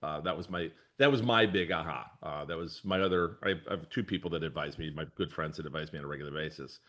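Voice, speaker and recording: A man's voice: rumbling low, fast, a bit bright. A middle-aged man, a brokerage leader answering interview questions in a rambling, easygoing way, often correcting himself and laughing.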